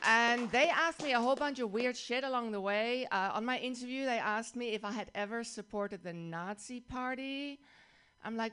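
A woman from the Netherlands with a Dutch accent, performing a wry, deadpan stand-up set on a club stage and laughing at her own jokes. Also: a little high. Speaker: stand-up comedian.

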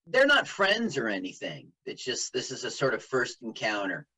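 A man's voice: mid-range voice, normal speed, breathy edge, rough recording. A man co-hosting a radio show, chatting casually about a movie and quoting its scenes. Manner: animated, quotes scenes in put-on voices. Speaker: radio co-host. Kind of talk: casual movie commentary chat.

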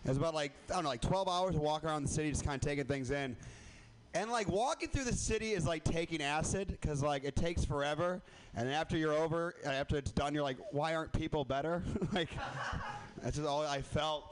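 High-voiced man doing stand-up. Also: fairly quick. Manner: rambling, self-deprecating, laughs at own jokes. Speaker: stand-up comedian. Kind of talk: stand-up comedy set. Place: comedy club open mic. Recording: faint background noise.

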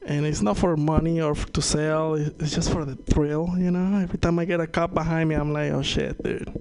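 Stand-up comic, Spanish native, Venezuelan accent, raised gravelly voice, loose and profane. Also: male voice, on the high side, level tone, brisk, a little mellow. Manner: loose, profane, laughs at own jokes. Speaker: stand-up comedian. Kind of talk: stand-up comedy set. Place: comedy open mic.

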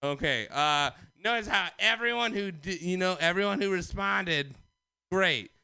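Male open-mic comic, loud manic ranter, high and bright, unhurried delivery. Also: vocal fry, smooth, no echo. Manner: loud, manic, conspiratorial ranting. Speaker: stand-up comedian. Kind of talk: open mic stand-up set.

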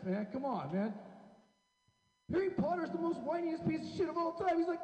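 A man's voice: extremely high pitch, expressive, fairly quick, mellow. A man doing a rambling, profane stand-up comedy set on a club stage, tacking "man" onto nearly every line. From Seattle area. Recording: dull, echoey hall recording.

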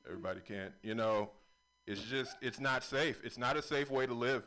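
Male stand-up comic, mid-pitched voice, rambling delivery, swears a lot. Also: moderate pace, a little hiss or hum. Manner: rambling, swearing, rising to loud exclaims. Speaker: stand-up comedian. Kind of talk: stand-up set.

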